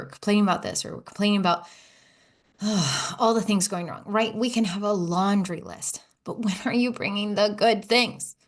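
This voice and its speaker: A woman hosting a solo podcast, talking casually and with lively feeling, dropping to hushed near-whispers and rising to excited high exclamations. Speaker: podcast host.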